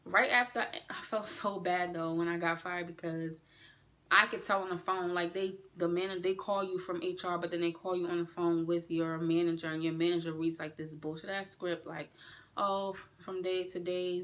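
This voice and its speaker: Woman doing a storytime vlog, bright punchy voice, animated and cussing a lot. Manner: animated, profane, swings up in pitch when indignant. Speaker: vlogger. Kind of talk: storytime vlog, casual venting.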